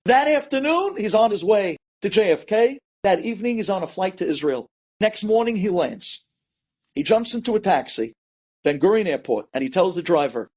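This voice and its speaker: Male rabbi storyteller, high husky voice, dramatic swings, dull recording. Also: very animated, moderate pace. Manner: dramatic, acts out each person's pleas with big swings in pitch and loudness. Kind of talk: inspirational story telling.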